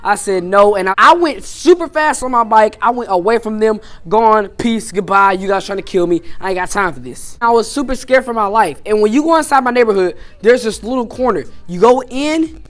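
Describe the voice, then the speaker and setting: A man's voice: sits high, animated, brisk, few pauses, fairly bright tone. A man telling a personal story on his vlog in a loose, casual way, dropping "man" and "you know" into nearly every sentence. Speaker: YouTuber.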